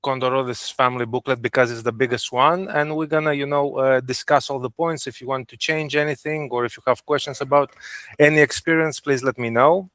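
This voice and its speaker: A trip planner speaking on a video call. His voice is forceful and crisp, recorded dry and close, and his delivery is earnest but full of hesitant fillers. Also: medium pitch, fairly even intonation, fairly quick, dry recording.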